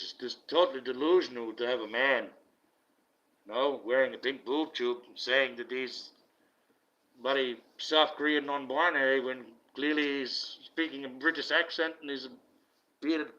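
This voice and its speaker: A man's voice: medium pitch, moderate pace, bright, forceful tone. A man, a self-styled online preacher, delivering a blunt, profane, indignant rant. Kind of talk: ranting monologue. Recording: dull lo-fi recording.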